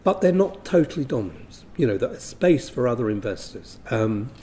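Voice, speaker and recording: A man giving a business briefing presentation, measured and full of ums and self-corrections. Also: medium pitch, sing-song, warm tone, a little hiss or hum. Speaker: briefing speaker on investment.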